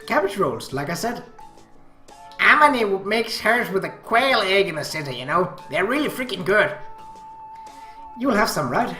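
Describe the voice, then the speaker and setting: Man playing a soft teasing young woman. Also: high-pitched, very animated, normal speed, long pauses, voice pushed up, heavily acted. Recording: roomy with faint music.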